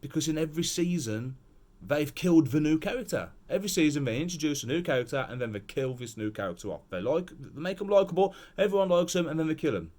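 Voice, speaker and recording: A man's voice: a little high, quick pace. Blunt, ranting man. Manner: blunt, swearing, animated rant. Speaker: show host. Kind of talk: casual spoken review.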